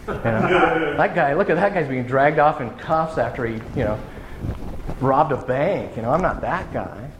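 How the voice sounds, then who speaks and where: A man's voice: on the high side, moderate pace, slight background noise. A man preaching a sermon in a loose, conversational storytelling way, often restarting his sentences. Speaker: pastor.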